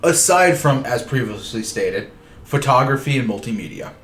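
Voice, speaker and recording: A man's voice: medium pitch, lively intonation, moderate pace, a bit bright. A young man co-hosting a podcast, laid-back and chiming in with short comments. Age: young adult. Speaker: podcast co-host. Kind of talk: casual chat. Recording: echoey room with faint noise.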